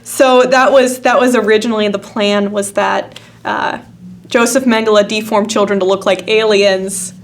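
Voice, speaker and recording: A woman's voice: mid-range voice, steady tone, moderate pace. A woman co-hosting a podcast in casual chat, skeptical and sarcastic. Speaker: podcast co-host.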